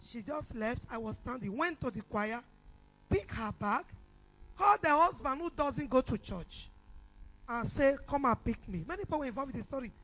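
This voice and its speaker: A Nigerian woman preaching in church, telling a story with animated energy and rising to shouts. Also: high-pitched, moderate pace, poor audio. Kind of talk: sermon testimony.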